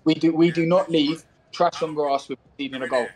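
Fast-talking man coaching his team. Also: a little high, steady tone, poor audio. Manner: rapid, barked coaching calls. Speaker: teammate giving team talk. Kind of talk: shouting instructions during play.

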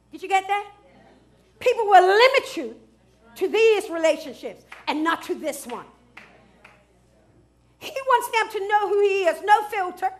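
A woman pastor preaching a sermon, dropping to hushed asides and rising to loud shouts, with features. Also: very high-pitched. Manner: swings from hushed asides to loud shouted declarations, laughs often.

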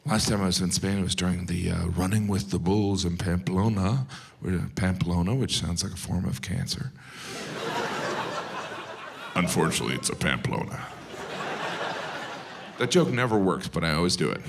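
Animated man doing stand-up. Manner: deadpan asides and sudden high-pitched incredulous outbursts. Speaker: stand-up comedian. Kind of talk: stand-up comedy routine. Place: comedy stage before a live audience. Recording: live show with loud audience noise.

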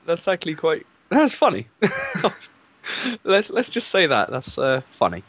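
A man chatting casually while playing a game with a friend, playful and quick to laugh. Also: on the high side, wildly swooping pitch, a bit bright, a little hiss or hum. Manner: playful, laughs a lot, jokey banter. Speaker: gaming co-host. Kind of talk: casual gaming chat.

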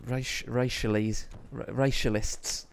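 A live streamer in his thirties with an Essex accent chats casually while playing a game, reading viewer comments aloud, swearing, and poking fun at his own play. His mid-range voice is steady and creaky, a little slow, with slight background noise.

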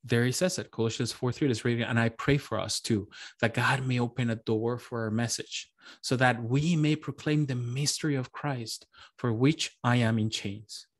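A man's voice: mid-range voice, steady tone, normal speed. A man preaching a sermon as pastor, earnest and emotional, often repeating his phrases.

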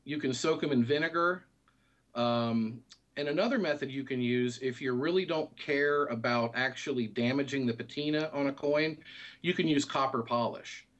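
A man, a guest in a casual interview, explaining things in a relaxed, easygoing way. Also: medium pitch, moderate pace, highs cut off.

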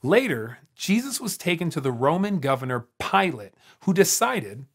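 Expressive man narrating a kids' Bible story. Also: a little high, slight background noise. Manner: expressive, dramatic pauses. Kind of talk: scripted children's Bible narration.

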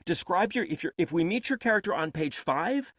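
A man speaks in a quick, rambling flow on a panel about audiobook work, often stopping to restart his sentences. His pitch sits a little high and swings widely. The sound is dry and close. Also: lively intonation, fairly bright tone, dry recording. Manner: rapid, rambling, self-interrupting. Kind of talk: casual panel talk.

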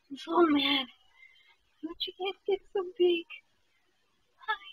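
Woman, very high voice, slow unhurried cooing, baby talk to kittens, casual vlog. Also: no echo, poor audio. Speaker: animal shelter visitor.

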